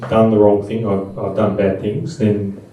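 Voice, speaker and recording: A man's voice: fairly low pitch, flat delivery, measured pace, warm tone, recorded from a distance, slight background noise. Man talking in an echoey room. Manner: conversational and anecdotal, with frequent restarts. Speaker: speaker at a Buddhist seminar. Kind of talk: talk to a live audience. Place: room with an audience.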